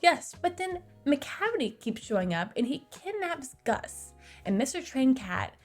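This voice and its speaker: A woman's voice: sits high, big pitch swings, unhurried, faint music behind. A young woman recapping a movie in a casual, chatty way, with sarcastic asides, recorded on a close mic. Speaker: movie reviewer.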